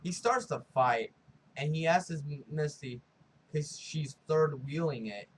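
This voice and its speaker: A man giving a casual, rambling review of a TV episode, talking excitedly with lots of fillers and dropping into quick character impressions. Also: a little high, a little hiss or hum. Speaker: video reviewer.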